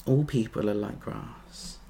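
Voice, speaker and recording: A man preaching a sermon, earnest, building to emphatic peaks and then dropping soft. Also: lowish voice, slow pace, gravelly.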